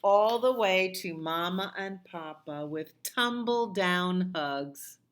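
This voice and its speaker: Middle-aged female librarian, storytime reader; slow, lowish, sing-song, chatty with kids. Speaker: children's librarian. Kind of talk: storytime read-aloud and singing.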